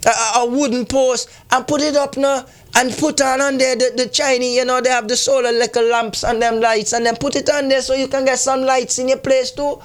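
Man, very high voice, preachy and scolding, asks rhetorical questions. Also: level tone, brisk, hardly any pauses. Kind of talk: impassioned community commentary.

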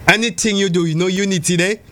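A man's voice: high voice, fairly even intonation, fast talker, bright, forceful tone. A man calling in to a radio show, talking in a repetitive, sing-song patois.

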